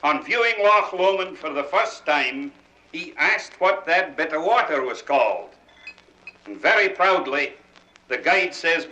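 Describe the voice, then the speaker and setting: A man's voice: on the high side, animated, measured pace, bright, forceful tone, poor audio. A man with a Scottish accent telling jokes to a party crowd in a folksy style, chuckling as he goes. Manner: chuckling, folksy storytelling in dialect. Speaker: comedian.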